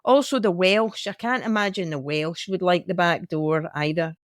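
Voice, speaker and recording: A woman's voice: fairly low pitch, moderate pace, dry recording, studio quality. A Scottish woman co-hosting a podcast, chatting casually and asking playfully curious, teasing questions. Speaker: podcast co-host. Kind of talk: casual chat.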